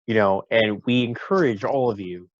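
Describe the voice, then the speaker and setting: A man's voice: fairly low pitch, normal speed, dry recording, lo-fi sound. A young man co-hosting a casual talk show, speaking in a laid-back, rambling way. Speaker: podcast co-host. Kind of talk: casual chat.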